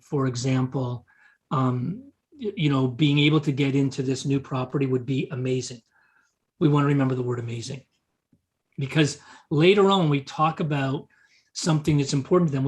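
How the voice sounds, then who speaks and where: Guy running a real estate seminar, kinda high voice, repeats little words, talks right to the room. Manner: repeats short words, quotes example dialogue. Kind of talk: teaching a live networking seminar. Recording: meeting talk to an audience.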